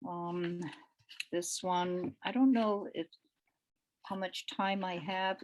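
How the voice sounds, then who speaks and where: A woman giving a poetry reading as the featured poet, delivering her lines in a deliberate, measured way with pauses between them. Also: on the low side, steady tone, a little hiss or hum. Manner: hesitant, with fillers, when speaking off the page.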